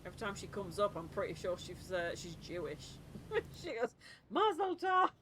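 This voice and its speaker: A woman's voice: fairly low pitch, moderate pace. A woman streamer telling stories in casual chat, laughing often and acting out other people. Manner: laughs often, animated storytelling with voiced impressions. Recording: live stream with clear background noise.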